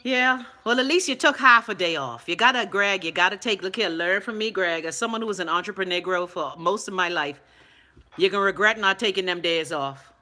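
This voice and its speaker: Sassy Bahamian woman, bright voice. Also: mid-range voice, a little fast. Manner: sassy, bossy teasing. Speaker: radio co-host. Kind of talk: casual chat.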